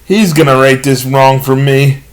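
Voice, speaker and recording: A man telling a self-deprecating comedy monologue, halting with many pauses and fillers. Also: mid-range voice, steady tone, poor audio. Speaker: amateur comedian.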